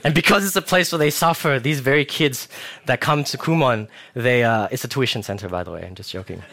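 This young preacher gives a relaxed, conversational sermon at a slightly fast clip, his pitch ordinary and middling. He tells stories full of self-mocking humor and lively asides.

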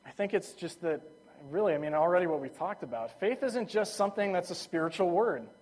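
A man's voice: sits high, expressive, brisk, a little mellow. A young man preaching a sermon, telling stories in a casual, enthusiastic way with lots of fillers. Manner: casual, enthusiastic storytelling with frequent "like".

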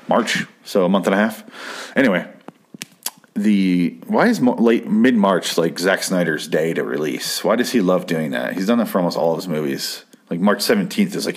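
A man casually telling a long personal anecdote, rambling off on tangents and swearing freely. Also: sits low. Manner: rambling, profane, digressive. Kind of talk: casual storytelling.

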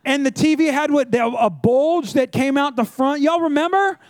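High-voiced pastor, chatty and direct. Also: male voice, moderate pace, no echo, clean studio sound. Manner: chatty storytelling, addresses the audience directly. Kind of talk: conversational sermon.

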